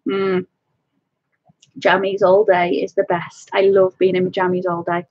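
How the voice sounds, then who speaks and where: A chatty woman talks casually to her live-stream viewers from home, laughing often and greeting them by name. Her voice is husky and breathy, close and dry, with no room around it. The webcam audio sounds a little dull and lo-fi. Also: medium pitch, fairly even intonation, normal speed, dry recording. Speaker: colouring channel host. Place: home, indoors.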